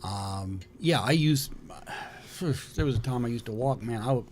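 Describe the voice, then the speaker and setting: A man co-hosting a podcast in casual chat, relaxed, mostly giving short agreeing replies. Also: mid-range voice, measured pace, slight background noise. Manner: laid-back, mostly brief agreeing replies. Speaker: podcast co-host.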